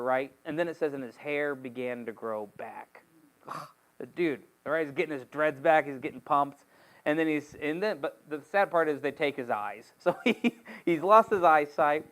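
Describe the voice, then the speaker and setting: A man teaching a casual Bible study, retelling the story in an animated, slangy, joking way. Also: fairly high pitch, moderate pace, poor audio.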